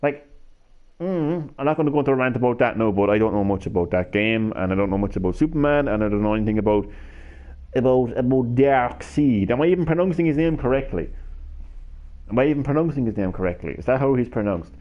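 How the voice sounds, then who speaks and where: A man's voice: medium pitch, animated, fast. A man chatting to viewers on a live stream, rambling, stammering and swearing casually as he swings between hyper and drowsy. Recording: slightly dull lo-fi stream audio.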